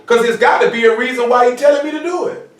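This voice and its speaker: A man's voice: very high voice, quick pace. A man teaching an informal sermon, conversational and repetitive, often asking his listeners if they follow him. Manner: conversational, repeats "you know what I'm saying". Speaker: preacher. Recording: echoey room from far off.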